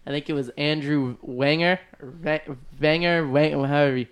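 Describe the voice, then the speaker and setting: Smooth-voiced man telling a rambling story. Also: a little high, steady tone, normal speed. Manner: rambling, acts out quotes with shouting. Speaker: podcast regular telling a story. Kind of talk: casual chat.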